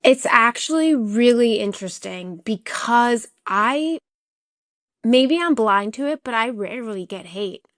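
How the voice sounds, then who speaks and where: A young woman talks with earnest reflection in an interview, her voice sitting a little high. She leans on "you know" and "like" as she thinks aloud. The recording is close and dry. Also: animated, a little slow, a bit bright, dry recording. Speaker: podcast guest, chronic illness advocate. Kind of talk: candid conversational interview.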